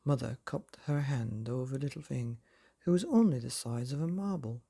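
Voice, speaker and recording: A man's voice: mid-range voice, normal speed, gravelly, dark tone, husky. A man hosting a bedtime story podcast, reading a chapter aloud in a cosy, theatrical storytelling manner. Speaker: bedtime story narrator and host.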